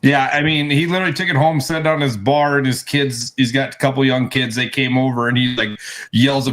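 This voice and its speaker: A man's voice: on the high side, fairly even intonation, fairly quick, a bit bright. A man co-hosting a casual chat, telling a story in a rambling way with many restarts. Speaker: co-host.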